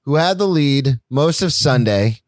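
A young man holds forth in a loose, rambling way on a casual sports podcast, dropping the odd swear word. His voice sits at a middle pitch. The sound is dry and close, with no room around it. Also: expressive, measured pace, dry recording. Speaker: podcast co-host.

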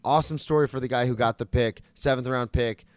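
Animated young man in casual sports chat. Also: medium pitch, quick pace, clear, resonant tone, dry recording. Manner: animated storyteller, swears, self-deprecating. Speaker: podcast co-host.

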